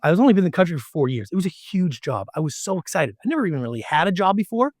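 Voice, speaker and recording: A middle-aged man telling a story as an interview guest, animated and acting out the dialogue. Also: high-pitched, racing, no echo, clean studio sound. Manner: animated, acts out quoted dialogue. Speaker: podcast guest.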